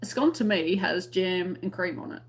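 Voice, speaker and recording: A woman's voice: fairly low pitch, normal speed, a little hiss or hum. An Australian woman hosting a crochet live stream, chatting casually and reading out viewer comments, friendly and laughing often. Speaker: crochet channel host.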